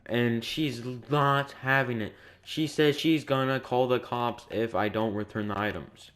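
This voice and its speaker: A man's voice: mid-range voice, a little slow, a bit bright. A young man telling a story in a casual, rambling, repetitive way, sounding exasperated. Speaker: vlogger.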